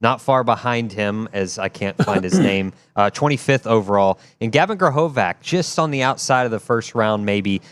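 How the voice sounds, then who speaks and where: A man, the show's director, giving brisk sports updates and running through stats and lists. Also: fairly low pitch, lively intonation, clear, resonant tone, no echo.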